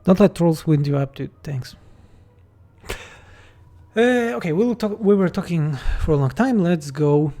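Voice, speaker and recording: A man's voice: on the high side, lively intonation, unhurried, long pauses, mellow. A man from Poland with a Polish accent, a game mod developer reading chat questions aloud and answering them bluntly and jokingly on a livestream.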